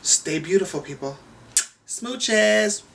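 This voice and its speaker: A man's voice: sits high, animated, slow, gravelly, fairly bright tone. A man hosting a talk show in an effusive, gushing manner.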